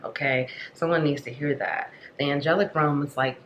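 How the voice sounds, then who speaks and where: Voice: mid-range voice, brisk, few pauses, fairly bright tone, roomy sound, a little hiss or hum. A tarot reader giving a casual spiritual reading, chatty and full of filler words, talking straight to the viewer.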